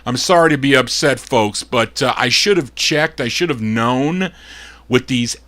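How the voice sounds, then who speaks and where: A man's voice: mid-range voice, measured pace, fairly bright tone. Fed-up man hosting an oldies show. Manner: gruff and fed up, grumbling between record introductions. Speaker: radio show host and record DJ. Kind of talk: live oldies show patter.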